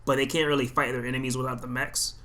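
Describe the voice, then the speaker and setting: A man's voice: medium pitch, little pitch movement, fast talker, fairly bright tone. A man co-hosting a podcast in casual chat, full of fan trivia, with lots of fillers. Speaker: podcast co-host.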